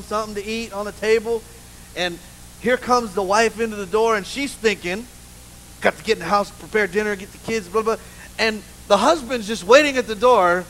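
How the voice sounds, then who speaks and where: High-voiced preacher telling lively stories. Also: male voice, a little hiss or hum, low-quality recording. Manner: animated, humorous storytelling with many "you know"s. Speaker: pastor. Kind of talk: sermon. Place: church with a live congregation.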